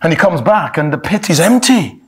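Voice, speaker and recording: Guy preaching a bible talk, kinda husky voice, stumbles and restarts words, calls everyone brothers and sisters. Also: on the high side, very animated, moderate pace. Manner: addresses listeners as brothers and sisters, restarts words, reads scripture aloud. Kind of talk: sermon-style Bible exhortation.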